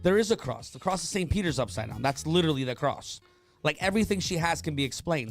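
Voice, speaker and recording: A woman's voice: low voice, lively intonation, quick pace, faint music behind. A woman hosting a radio show in casual chat, blunt and joking, with strong opinions.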